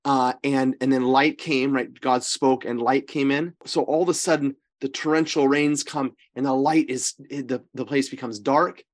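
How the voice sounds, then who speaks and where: A man in the role of a priest giving a relaxed scripture lesson, his pitch sitting in an ordinary middle range. He presses his points hard and keeps checking with his listeners for agreement. He often stops partway through a sentence to correct himself or start again. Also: moderate pace, few pauses. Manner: emphatic, often checks in with "right?" and "okay?". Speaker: priest leading a Bible study. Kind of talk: informal scripture teaching.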